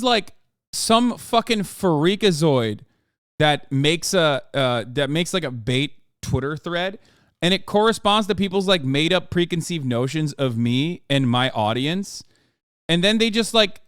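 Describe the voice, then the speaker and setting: A man's voice: on the high side, fairly bright tone, smooth, no echo, studio quality. An American man in his thirties, a streamer ranting through livestream commentary, swearing constantly and exasperated.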